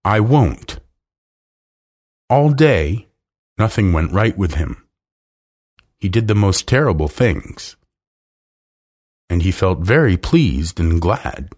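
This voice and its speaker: A man reading a children's story aloud slowly and expressively as storyteller. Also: sits low, very animated, a little mellow.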